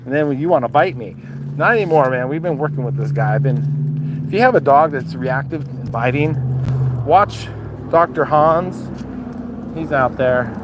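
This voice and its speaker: A man's voice: mid-range voice, normal speed. A man chatting casually on a livestream while walking his dogs outdoors, swearing freely and talking to the dogs between remarks. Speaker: dog breeder vlogger. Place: outdoors on a city street. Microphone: phone held while walking. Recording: outdoor street noise, traffic. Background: traffic and street noise.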